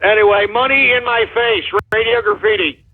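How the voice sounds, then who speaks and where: A man hosting a radio show with an excited, fired-up delivery, swearing and repeating himself as he rants. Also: very high-pitched, normal speed. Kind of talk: excited call-in radio rant. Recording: tinny phone-line audio.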